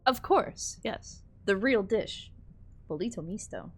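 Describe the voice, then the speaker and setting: A woman's voice: mid-range voice, animated, slow pace, darkish tone, slightly rough. A woman streaming a game, reacting with laughter and swearing as she talks to chat. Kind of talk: casual game commentary.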